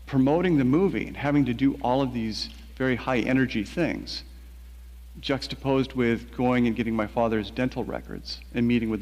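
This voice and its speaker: Male novelist, mid-range voice, reflective storytelling with hesitant restarts; reverberant room. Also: mid-range voice. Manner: measured, quiet, with frequent halting restarts.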